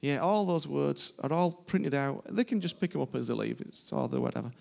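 Gravelly preacher man. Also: medium pitch, lively intonation, fairly quick, a little mellow. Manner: informal, emphatic, repeats phrases. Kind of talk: sermon. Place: church service before a congregation.

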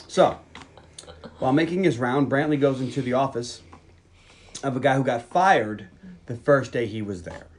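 A man's voice: medium pitch, unhurried, long pauses. A man on a podcast, casually retelling a film's scenes, quoting the characters and joking as he goes. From Long Island, New York. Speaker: podcast host. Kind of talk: casual movie recap chat.

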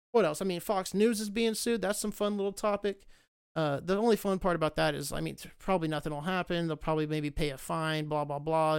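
A man's voice: high voice, smooth, dry recording, clean studio sound. A man ranting casually about the country, profane and sarcastic, getting worked up as he talks. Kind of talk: casual rant.

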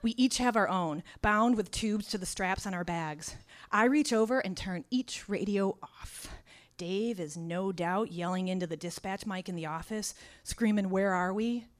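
A woman's voice: mid-range voice, unhurried. Wry woman telling a story. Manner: wry, deadpan humor turning raw and intense. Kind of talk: first-person spoken storytelling.

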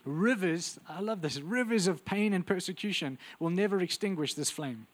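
Intense high-voiced man preaching. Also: animated, moderate pace. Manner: intense, swings from loud urgency to quiet intimacy. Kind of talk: sermon.

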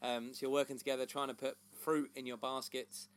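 A man in his thirties with a middle-pitched voice, co-hosting a casual chat. He sounds upbeat and likes to tease a little. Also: flat delivery, a little fast, clean tone. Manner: upbeat, playful teasing. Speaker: podcast co-host.

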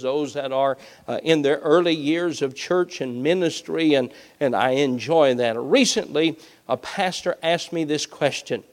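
A middle-aged man preaching a sermon as a pastor, reading Scripture emphatically and building to forceful, rising declarations. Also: on the high side.

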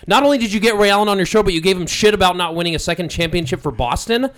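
A man's voice: high-pitched, animated, rapid-fire, fairly bright tone. A young man co-hosting a podcast who steers the casual chat, laughs often and swears when he gets worked up. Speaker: podcast co-host.

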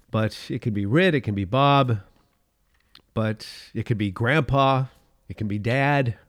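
An older man hosting a devotional podcast, telling a family story in a relaxed way and reading scripture aloud slowly. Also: on the low side, no echo, studio quality. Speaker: podcast host.

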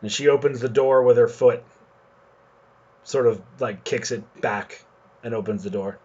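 A man's voice: medium pitch, unhurried, darkish tone, slightly rough, dull audio. A man narrating as game master in a tabletop game, loose and hesitant with fillers.

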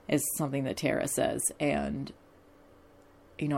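A woman with a low voice recaps a TV episode in relaxed, chatty talk. She pads her sentences with fillers and breaks off into opinionated asides. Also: normal speed. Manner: chatty, many fillers and asides, laughs often.

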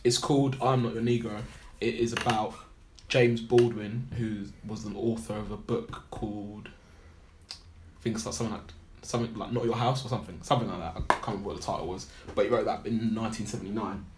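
A man on a film podcast recounting a documentary in casual chat, pausing often with fillers as he searches for details. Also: lowish voice, steady tone, noisy background. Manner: halting, many fillers while recalling a documentary.

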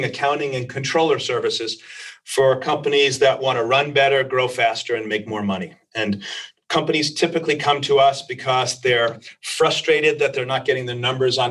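A man's voice: mid-range voice, fairly bright tone. Male CEO guest, confident and explanatory, a little distant from the mic. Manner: confident, explanatory, with many "you know"s. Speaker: company president and CEO, guest. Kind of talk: interview answers.

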